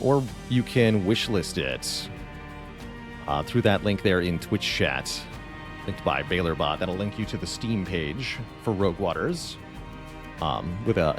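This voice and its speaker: A chatty man streaming a video game, thinking out loud as he goes. His voice is fairly low but rises and falls a lot. Faint music plays behind him. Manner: chatty, thinking aloud with fillers. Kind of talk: casual live-stream game commentary.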